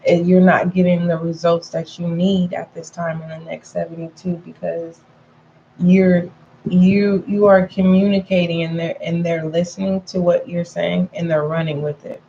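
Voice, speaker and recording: A woman's voice: fairly low pitch, little pitch movement, moderate pace, creaky, dark tone, highs cut off, a little hiss or hum. A woman giving a casual tarot reading to her viewers, chatty and frank, calling them pet names and repeating points for emphasis. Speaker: tarot reader.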